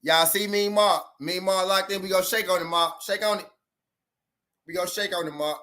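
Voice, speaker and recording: A man's voice: high voice, steady tone, a little fast, pushed and bright. A man with a Southern US accent hosting a casual boxing livestream, chatting loosely with viewers and repeating himself.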